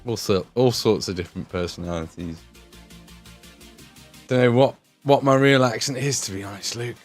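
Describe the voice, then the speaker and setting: A man's voice: medium pitch, moderate pace, faint music behind. A man with an English Midlands accent, hosting a casual livestream while painting miniatures, chatting, swearing and laughing as he reads the chat. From England.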